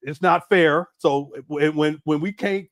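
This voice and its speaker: A man doing casual reaction commentary, animated and exclaiming, laughing often. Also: a little high, unhurried, no room sound, studio quality. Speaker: commentary host.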